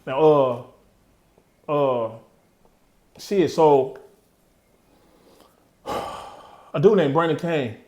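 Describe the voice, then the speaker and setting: A man in his thirties, a guest in an interview, candidly tells his own story in streetwise, slang-heavy talk that often trails off. His voice sits a little high and warm, and he speaks extremely slowly with long pauses in a roomy-sounding space.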